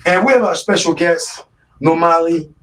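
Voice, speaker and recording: Rambling radio host, distant mic. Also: male voice, a little high, moderate pace, a bit bright. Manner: rambling, with many fillers and repeated words. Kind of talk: casual live radio talk. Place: radio studio.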